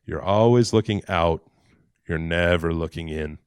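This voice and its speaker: Brief: man playing an old sage, calm, measured, a little low. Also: clean tone, no room sound, studio quality. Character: calm old male beggar sage, amused.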